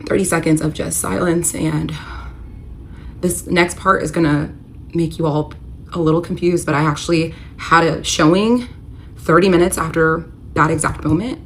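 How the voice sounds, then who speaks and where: A woman's voice: sits low, creaky, slight background noise. A woman recounting a painful personal story in a confessional vlog, candid and emotional, with lots of "like". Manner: emotional, candid, uses filler "like" often. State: tearful at moments. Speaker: storyteller recounting her marriage.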